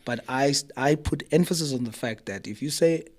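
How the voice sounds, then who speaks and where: South african mayor on a podcast, emphatic, keeps hammering his point, mid pitch. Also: normal speed, darkish tone. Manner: emphatic, speech-like. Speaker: mayor and politician. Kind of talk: interview guest.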